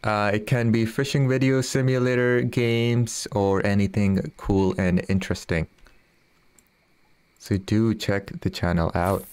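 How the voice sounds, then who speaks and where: A man's voice: on the low side, little pitch movement, unhurried, a little mellow, smooth, dry recording. A man chatting casually with viewers while streaming a fishing game, often laughing and reading their messages aloud. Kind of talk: casual live-stream chat.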